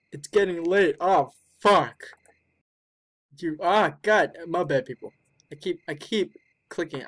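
A gamer talks slowly through a horror game at a desk microphone, muttering thoughts and swearing often. The voice swings widely in pitch and leaps into sudden high shrieks whenever something startles them. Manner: muttering and thinking aloud between scares. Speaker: gaming video creator. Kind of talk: let's play horror game commentary.

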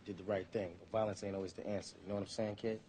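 An actor playing a young streetwise boxer who talks in a relaxed street way. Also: male voice, lowish voice, racing, a little hiss or hum, close to an everyday voice. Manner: laid-back street talk. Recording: film soundtrack with music behind.

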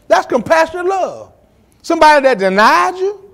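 A pastor leads a church Bible study, his voice sitting high for a man and swooping all over. He preaches with dramatic pauses and acts out the quotes, dropping casual asides in a church setting. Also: very animated.

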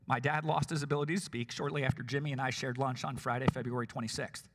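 A man, the son of the deceased, reading a memorial tribute in a measured, heartfelt, plain-spoken way. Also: mid-range voice, fairly even intonation, big-room sound. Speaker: son of the deceased giving a eulogy. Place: church.

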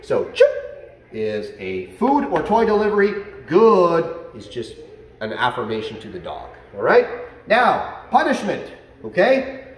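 A man working as a dog trainer explains things to a class in an animated way. He often checks in with "okay?" and "right?". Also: a little high, a little slow, distant mic. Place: dog training facility, indoors. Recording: roomy echo, set back from the mic.

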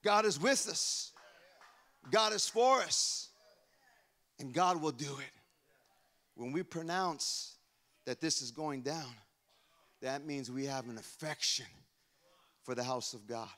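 A male pastor preaching a fervent sermon in a church, declaring and chanting lines to the congregation and often shouting. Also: fairly high pitch, slow, pauses often. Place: church sanctuary.

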